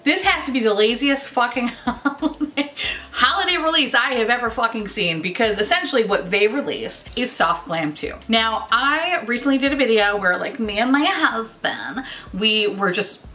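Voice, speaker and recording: A woman's voice: on the high side, lively intonation, a little fast, sharp tone. A woman in her thirties from the United States, ranting sarcastically about makeup and swearing constantly. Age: 30s. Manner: sarcastic, swears constantly, jumps into silly voices. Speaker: beauty YouTuber. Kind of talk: casual profane rant.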